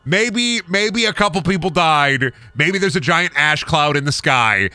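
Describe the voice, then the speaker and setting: Young guy streaming a game, super animated, bright voice, goofy and swearing a lot. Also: a little high, unhurried, clear, resonant tone, no room sound. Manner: goofy, rambling, swearing, jokey. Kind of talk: casual game-stream commentary.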